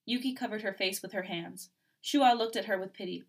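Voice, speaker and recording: Lively woman reading fan fiction aloud. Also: mid-range voice, a little fast. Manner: lively, acts out dialogue, laughs often.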